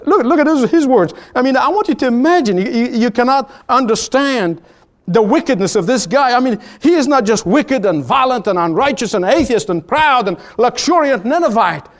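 A man preaching with a notably high voice, building his points through hammering repetition. He leaps up for exclamations, then drops low and slows right down for solemn statements. The delivery is a classic pulpit sermon. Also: animated. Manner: emphatic, repetitive preaching cadence; swings between high exclamations and low, drawn-out solemn lines.

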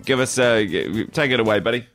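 A man's voice: medium pitch, a little fast, fairly bright tone, faint music behind. A man, a radio co-host teasing his partner in rambling casual banter. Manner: rambling, teasing, says mate and cuz.

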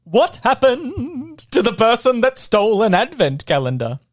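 A man's voice: extremely high pitch, wildly swooping pitch, normal speed, heavily acted. A man on a comedy podcast voicing a corny, self-satisfied joke teller who caps each pun with a sing-song catchphrase. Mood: gleeful. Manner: punchlines followed by a sing-song "boy, boy, boy" catchphrase. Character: corny young man telling Christmas puns, pleased with himself. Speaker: podcast co-host in a comedy bit. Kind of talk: improvised comedy podcast bit.

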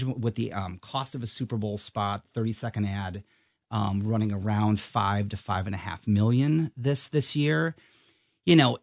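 A man's voice: on the low side, no room sound. A middle-aged man, talking casually as an advertising guest and rambling with lots of ums and restarts. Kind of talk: casual interview chat.

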